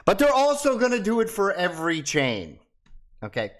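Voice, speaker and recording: A man's voice: high-pitched, huge pitch swings, moderate pace, a bit bright. A man hosting his own video, talking casually and ranting in a mocking way. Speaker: crypto video host. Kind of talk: casual monologue to camera.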